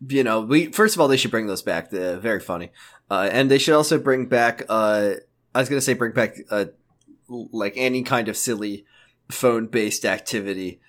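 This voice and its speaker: A man's voice: on the low side, normal speed. A man co-hosting a podcast, chatting in a joking, meandering way with many fillers. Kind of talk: casual chat.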